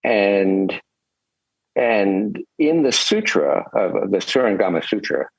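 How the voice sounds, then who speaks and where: Older guy slowly spinning a story, gravelly and husky, dry close mic. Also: fairly low pitch, very animated, dry recording, rough recording. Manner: rambling, chuckling, reflective. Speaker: guest, Zen teacher. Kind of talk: storytelling in a podcast interview.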